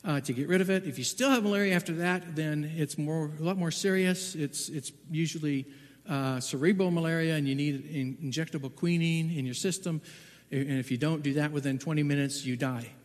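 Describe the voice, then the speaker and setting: A man telling a personal testimony as a Bible translator, halting and repeating words, then growing urgent and loud at the tense parts. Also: a little high, in a large hall.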